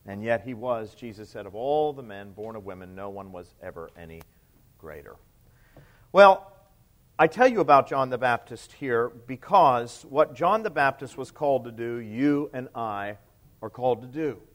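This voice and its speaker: With animated delivery and a normal pace, a male priest preaches in a chatty way. He puts questions to the congregation, and his voice grows low and hushed at the end of quotations.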